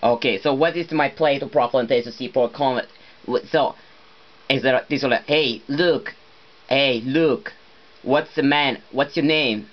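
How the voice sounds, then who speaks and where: A man's voice: medium pitch, a little slow, lo-fi sound, natural voice. A man putting on a chummy British bloke. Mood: inviting. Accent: British (imitated). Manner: repetitive, calling out "mate". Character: chummy British bloke inviting a mate over.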